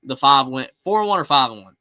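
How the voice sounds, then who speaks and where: A man co-hosting a sports call-in show, rambling excitedly and often restarting his sentences. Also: mid-range voice, quick pace, dry recording, rough recording. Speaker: co-host of a fan call-in show. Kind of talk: casual sports talk.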